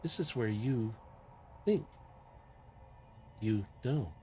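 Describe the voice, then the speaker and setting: A man voicing a calm, curious small female caracal-like creature in a tabletop game, speaking softly and reassuringly. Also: medium pitch, drawn-out words, soft background music. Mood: musing.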